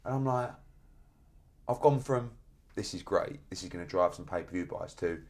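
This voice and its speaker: Animated man telling stories. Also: low-pitched, normal speed. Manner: lively anecdote-telling with acted-out quotes, frequent laughter. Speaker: guest, boxing promoter. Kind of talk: animated storytelling in a podcast chat.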